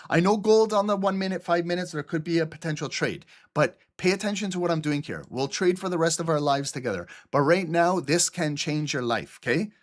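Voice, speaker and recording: Man from Albania, lively live-stream trading instructor, slightly higher voice, casual and repetitive. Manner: animated, repeats "okay?" and "look", casual swearing. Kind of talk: live screen-share trading lesson.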